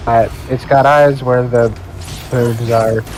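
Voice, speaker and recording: A guest on a gaming stream, chatting casually and asking slow, musing questions. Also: medium pitch, fairly even intonation, a little mellow, poor audio. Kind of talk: casual chat.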